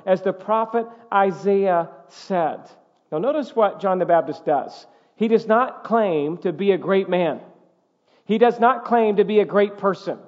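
A man preaches from the pulpit in a high voice, driving his points home with emphatic repetition. The sound is dull and muffled, carried by a long reverb through the church sanctuary. He speaks as pastor to his congregation. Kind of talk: sermon.

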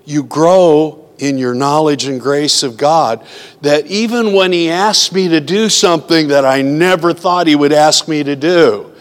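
A man's voice: a little high, a little slow. Earnest preacher man in a reverberant hall. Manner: earnest, acts out his own inner voice in quotes. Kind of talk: conversational sermon with personal stories.

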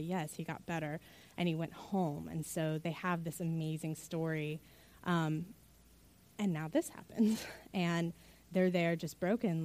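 A young woman chaplain delivers a sermon built around a personal story. Her voice sits somewhat low, and she speaks earnestly and emotionally, with frequent ums and restarts. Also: darkish tone. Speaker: chaplain preaching.

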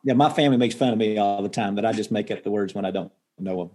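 A man in a casual podcast chat, jokey and quick to laugh. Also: lowish voice, warm tone. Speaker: church staff member.

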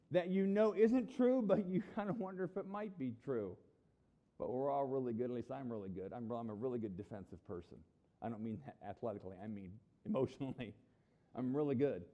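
A man preaching a sermon in a lively, conversational way, with humorous asides to his congregation. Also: medium pitch, lo-fi sound. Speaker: pastor.

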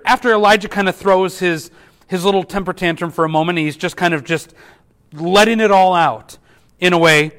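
Male pastor, high-pitched voice, earnest sermon delivery with frequent restarts. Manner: earnest, repeats words at restarts, drops softly for quoted whispers.

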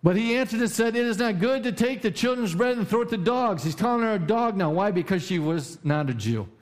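A male pastor delivers a sermon in a somewhat high voice. He hammers points home by repeating phrases, swinging his pitch sharply up and down for emphasis. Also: expressive, fairly quick. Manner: preaching with emphatic repetition and sudden pitch swings.

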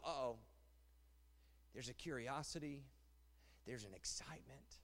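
A married man preaching a sermon as pastor, animated and rhetorical, often repeating phrases. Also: a little high, normal speed, long pauses. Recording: long hall reverb.

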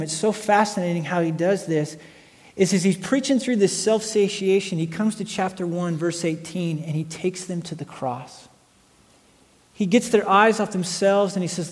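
A man in his late thirties preaching a sermon, telling stories with animation and swinging between loud and hushed delivery. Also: sits high, moderate pace. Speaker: pastor. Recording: long hall reverb.

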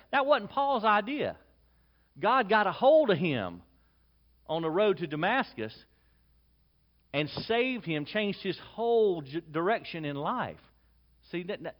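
A man preaching a verse-by-verse sermon. He reads scripture and prays softly, then explains the text in a relaxed, conversational way. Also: on the high side. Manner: soft, hushed prayer. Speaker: pastor. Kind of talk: expository sermon.

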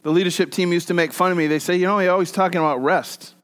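A pastor preaching a conversational sermon, mixing scripture with joking personal stories and swinging between loud and soft. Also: male voice, sits high, fairly even intonation, very fast.

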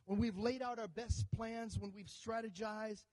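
Male pastor, sermon, joking storyteller, high voice, mellow warm tone. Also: measured pace, rough recording. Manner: animated storytelling with jokes and audience call-outs.

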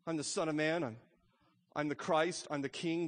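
A pastor preaching a sermon, emphatic, swelling loud and then dropping to a hush. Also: male voice, on the high side, steady tone, moderate pace. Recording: long reverb of a church hall.

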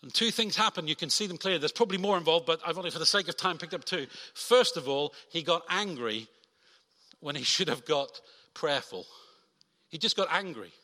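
A man preaching a sermon from the front, animated and lively, acting out quoted voices. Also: fairly high pitch, fairly quick. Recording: long hall reverb.

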